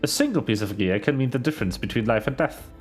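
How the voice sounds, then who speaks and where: A man voicing a stern veteran sellsword captain, reading game dialogue aloud in a lowered, measured tone. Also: animated, soft background music, close to an everyday voice. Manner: low, grave, measured.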